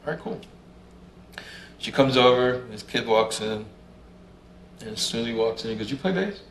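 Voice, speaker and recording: This musician, a man guesting on a relaxed interview, has a medium-pitched, expressive voice at a moderate pace. He spins stories, curses openly and imitates what others said, over roomy room sound, faint ambience and a little hiss or hum.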